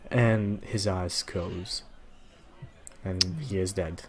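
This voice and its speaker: Slow low-voiced male storyteller. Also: fairly even intonation, darkish tone. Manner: slow, halting narration with restarts. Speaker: storyteller in a tabletop game. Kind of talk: improvised storytelling.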